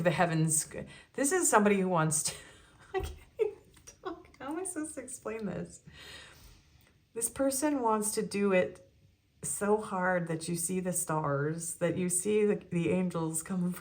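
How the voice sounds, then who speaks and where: A woman giving a casual tarot reading, chatty and giggly, with many ums and likes. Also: lowish voice. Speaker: tarot reader.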